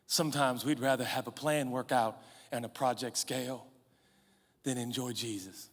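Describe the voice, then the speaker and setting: A man in his forties, a pastor, preaching a sermon in an animated, humorous, conversational way, out of breath and sweating. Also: medium pitch, normal speed. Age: 40s. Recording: reverberant large hall.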